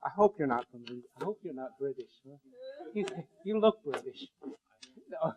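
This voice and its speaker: Male lecturer, slightly raised pitch, digressive and jokey, stumbles and restarts often in front of a class. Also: expressive, lo-fi sound. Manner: rambling and joking, with many halting restarts. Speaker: university lecturer.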